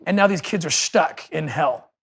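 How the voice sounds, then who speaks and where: A man's voice: fairly high pitch, moderate pace, vocal fry, fairly bright tone. Earnest man telling a story. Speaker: guest.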